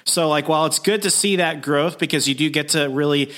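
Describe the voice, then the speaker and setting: Male co-host, bright tense voice, thoughtful and halting. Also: fairly high pitch. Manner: thoughtful, hesitant. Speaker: podcast co-host. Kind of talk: casual chat.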